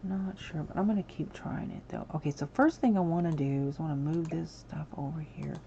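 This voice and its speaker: A woman with a low, gravelly, very mellow voice chats through a live game stream, apologizing to viewers and then suddenly exclaiming at what she sees. The audio is dull and lo-fi, with a faint hiss underneath. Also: a little fast. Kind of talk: casual livestream chat while building in a game.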